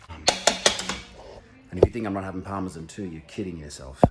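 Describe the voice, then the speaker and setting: A man's voice: low voice, brisk, pauses often, very noisy. A man hosting a cooking demonstration in his kitchen, talking in a playful, chatty way with jokey asides. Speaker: cooking show host. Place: home kitchen. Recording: echoey kitchen with clattering pans.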